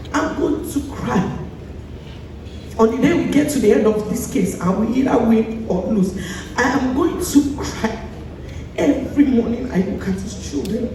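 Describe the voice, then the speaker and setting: Nigerian woman giving a tribute speech, high-ish voice, boomy hall from far off, some noise. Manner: earnest and pleading, quoting the late friend. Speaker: speaker at a tribute event. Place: large event hall.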